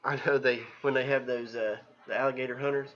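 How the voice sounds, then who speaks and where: A man with a bright, forceful voice and a mild Southern Ohio country accent, chatty as he reads viewer comments aloud. The stream audio sounds dull and lo-fi. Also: medium pitch, steady tone, fast. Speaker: co-host reading chat comments. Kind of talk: casual chat.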